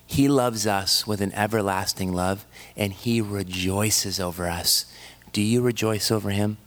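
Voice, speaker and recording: A man's voice: fairly low pitch, fairly even intonation, a little slow. A man, preaching a sermon earnestly, repeating key phrases for emphasis and turning playful in personal stories. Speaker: pastor.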